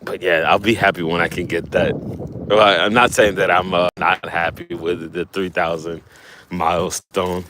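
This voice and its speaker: A man hosting a casual livestream outdoors while fishing, talking in a relaxed, halting way with lots of fillers and restarts, a little out of breath. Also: sits low, a little hiss or hum. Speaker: livestream host.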